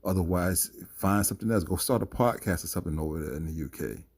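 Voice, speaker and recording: A man's voice: low voice, fast, a little mellow, husky. A man giving his opinion in a solo boxing commentary vlog, emphatic and rambling with fillers.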